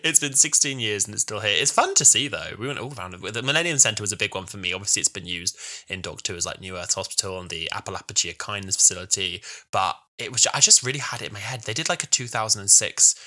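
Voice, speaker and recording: A young man from London with a fairly low but very bright, sharp voice, talking quickly. He co-hosts a podcast, telling stories with enthusiasm in casual chat. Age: 20s. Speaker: podcast co-host.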